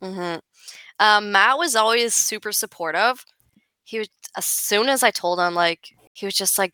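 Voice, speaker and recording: Woman, podcast guest, chatty storyteller, crisp clear voice, bright tone. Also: mid-range voice, unhurried, dry recording, low-quality recording. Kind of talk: casual conversation.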